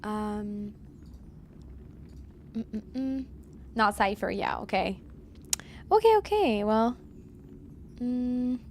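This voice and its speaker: A woman's voice: mid-range voice, steady tone, very slow, long pauses, a little hiss or hum. A woman live-streaming from home, chatting casually and answering viewers as she plays. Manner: chatty, reads chat aloud and answers viewers.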